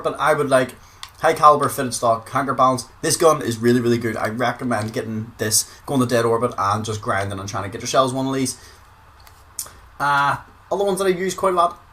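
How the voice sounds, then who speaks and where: A man's voice: mid-range voice, sharp tone. A man with a Northern Irish accent giving casual gaming commentary, chatty, swearing freely and repeating words for emphasis. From Northern Ireland. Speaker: gaming video creator.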